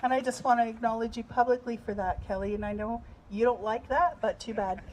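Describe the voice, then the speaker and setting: A woman's voice: a little high, a little fast, darkish tone, slight background noise, rough recording. A middle-aged woman with a Canadian accent, a grieving mother speaking heartfelt and earnest at an outdoor memorial event into a handheld mic. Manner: heartfelt, earnest, tells a family story. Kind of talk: public remembrance speech. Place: outdoors at a public memorial site. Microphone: handheld microphone.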